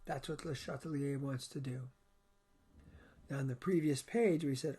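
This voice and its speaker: A man teaching a college chemistry lecture video, explaining step by step in short, measured phrases. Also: mid-range voice, dark tone, slightly rough.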